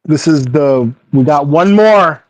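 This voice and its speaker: A man's voice: a little high, animated, slow pace. Enthusiastic man reviewing comics. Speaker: podcast co-host. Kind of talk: casual comic book review.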